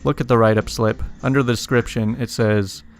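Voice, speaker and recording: A man's voice: mid-range voice, steady tone, fairly quick, slight background noise. A man casually reading funny internet stories aloud, chuckling and adding wry asides between them. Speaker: story reader. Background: faint music.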